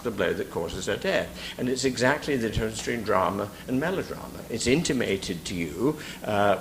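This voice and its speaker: A man critic giving an analytical lecture in a hall. He pauses with frequent fillers and recites lines of verse aloud. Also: mid-range voice, fairly bright tone, a little hiss or hum. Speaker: literary critic giving a talk.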